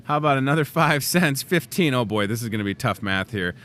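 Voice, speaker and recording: Speaking a little fast at a medium pitch, this host is a man in his thirties running a live in-store talk show from a grocery store set. He's animated and full of jokes, drifting into rambling asides.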